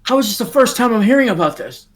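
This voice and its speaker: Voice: medium pitch, animated, quick pace, close to an everyday voice. Player as a short-tempered, foul-mouthed friend; blunt and demanding. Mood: puzzled. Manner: swearing, blunt, demanding questions.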